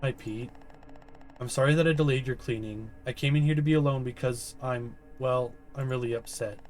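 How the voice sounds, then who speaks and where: Shy sorry-sounding kid, read by a guy, slowish. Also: mid-range voice, fairly even intonation, soft background music, close to an everyday voice. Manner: soft, apologetic, rambling. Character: timid, upset young boy patient.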